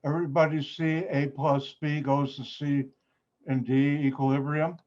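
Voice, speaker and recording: Playful Chicago chemistry teacher on a call. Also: male voice, flat delivery, moderate pace, darkish tone. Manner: playful, jokey teacher with sudden high exclamations. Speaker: chemistry lab instructor. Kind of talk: online class lecture. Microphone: video call. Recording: slightly dull video call audio.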